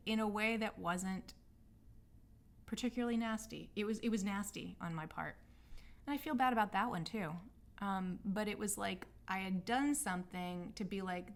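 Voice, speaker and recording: A woman's voice: mid-range voice, normal speed. A woman sharing a personal story in a candid, reflective monologue, speaking loosely with many fillers and openly apologizing for past mistakes. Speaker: healing arts practitioner hosting a personal podcast.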